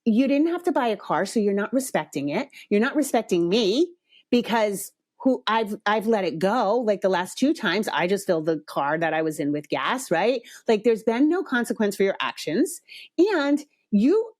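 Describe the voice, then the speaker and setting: A woman's voice: medium pitch, lively intonation, normal speed, no room sound, studio quality. Frank, blunt woman podcast host. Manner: frank and blunt, swears, builds up to exasperation. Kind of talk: casual storytelling monologue.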